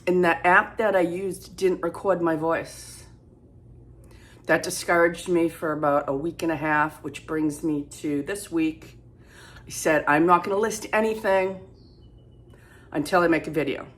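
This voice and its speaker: Chatty low-voiced woman in her kitchen. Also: steady tone, measured pace. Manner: chatty, rambling, self-deprecating. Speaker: thrift reseller vlogger. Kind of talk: casual haul vlog. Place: home kitchen.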